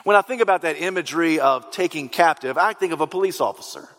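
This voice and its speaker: A man's voice: fairly high pitch, quick pace, a bit bright. A man preaching a sermon as pastor, emphatic and repetitive, sometimes rising into sung cadences, in a church sanctuary. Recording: long reverb in a large hall.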